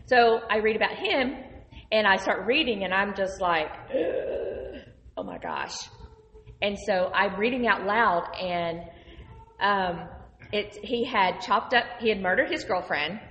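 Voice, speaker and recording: A woman telling an animated, conversational testimony about her ministry. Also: medium pitch, measured pace, highs cut off, a little hiss or hum. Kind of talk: casual testimony storytelling. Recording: roomy hall reverb.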